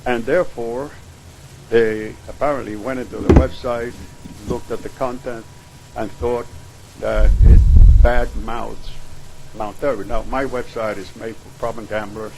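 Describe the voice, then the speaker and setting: A man's voice: mid-range voice, steady tone, unhurried, noisy background. A man giving aggrieved, insistent testimony at a public hearing. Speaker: public commenter. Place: hearing room.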